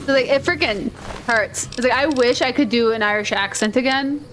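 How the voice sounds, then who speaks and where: A woman's voice: fairly high pitch, normal speed, over music. A woman with a Minnesotan accent, chatting in a rambling, playful way while she plays a video game. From Minnesota, USA. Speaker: gaming video host. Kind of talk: casual chat over gameplay.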